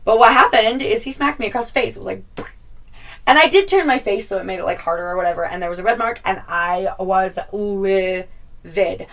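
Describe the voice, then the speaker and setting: Speaking a little fast with a fairly bright, medium-pitched voice, a young woman vlogger chats through a story for her viewers. She swears a lot and acts out quoted lines, and the mic is distant.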